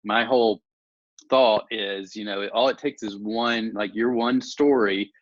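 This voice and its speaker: Male interview host, lowish voice, reflective, encouraging, dull dry recording. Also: fairly even intonation, unhurried, no room sound. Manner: reflective, encouraging, long musing sentences. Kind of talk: casual interview conversation.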